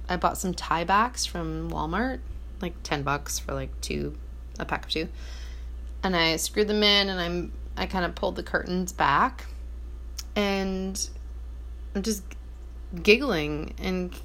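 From her small apartment, a woman vlogs in a casual, reflective monologue that wanders, leans heavily on "like," and corrects itself as it goes. Her voice is fairly low-pitched and a bit bright.

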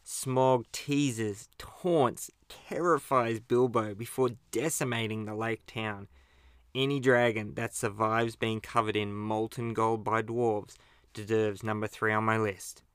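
A man's voice: on the low side, fairly even intonation, slow, fairly bright tone, clear, resonant tone, no room sound, studio quality. A man hosting a casual movie countdown and chuckling at his own slips. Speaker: podcast host.

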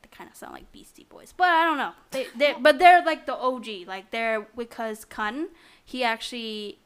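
A woman's voice: on the high side, moderate pace, clean tone. A woman co-hosting a podcast, explaining things in a rambling casual chat with lots of fillers. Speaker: podcast co-host.

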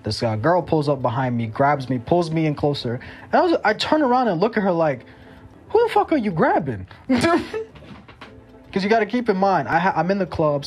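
A young man from Jamaica on a casual podcast, telling stories in an animated way, acting out what people said and laughing often. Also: on the high side. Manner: animated storytelling, acts out quotes, laughs often. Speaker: podcast co-host. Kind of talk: casual chat.

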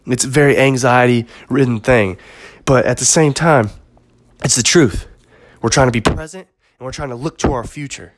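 A man hosting a podcast, delivering an impassioned, profane monologue that sometimes drops to a hush for storytelling. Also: mid-range voice, moderate pace, slight background noise. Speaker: podcast host. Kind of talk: monologue rant.

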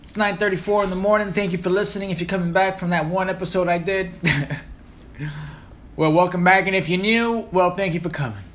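A man's voice: high voice, fairly even intonation, fairly quick, fairly bright tone. A man in his thirties from Puerto Rico, with a Puerto Rican accent, hosting a podcast as a rambling, joking, profane monologue. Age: 30s. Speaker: podcast host. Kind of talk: casual monologue.

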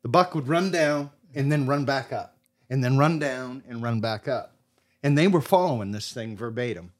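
A man from Maine, a podcast guest, telling a hunting story in a casual, animated way, his voice swinging between loud and soft. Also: medium pitch, moderate pace.

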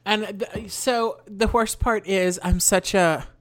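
A woman's voice: mid-range voice, steady tone, takes it slowly. A woman co-hosting a podcast in casual chat, chatty and wry with self-mocking jokes. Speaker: podcast co-host.

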